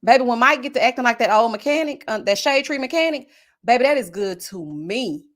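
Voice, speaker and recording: A woman who hosts a live-stream reality-TV review, talking in a sassy, animated, gossipy way. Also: on the high side, a little fast. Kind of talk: casual live-stream commentary.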